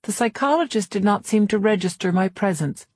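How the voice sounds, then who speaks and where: A woman narrating a novel in the first person, in a measured, reserved way. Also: medium pitch, a little mellow, no echo, studio quality. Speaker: audiobook narrator. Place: recording studio. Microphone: close studio mic.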